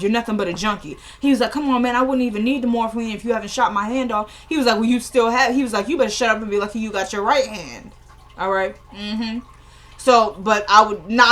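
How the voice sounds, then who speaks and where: A woman's voice: medium pitch, fairly bright tone. Woman recapping a TV episode. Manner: retells scenes in quoted dialogue, laughing and exasperated asides. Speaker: show recapper.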